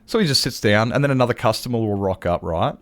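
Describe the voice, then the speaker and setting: A man's voice: on the low side, quick pace. Chatty Australian man telling stories. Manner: animated storyteller who acts out customers' lines; frequent chuckles and self-interruptions. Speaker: game streamer. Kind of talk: casual chat while gaming.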